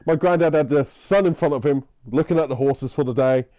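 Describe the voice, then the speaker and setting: A man's voice: fairly high pitch, fairly quick, no room sound, muffled recording. A man co-hosting a podcast, telling drunken stories in casual, sweary chat. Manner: animated storytelling, swearing. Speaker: podcast co-host.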